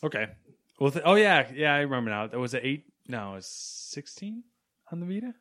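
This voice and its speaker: A man co-hosting a casual podcast, dry and deadpan, reading out news items between chat. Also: mid-range voice, fairly quick. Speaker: podcast co-host.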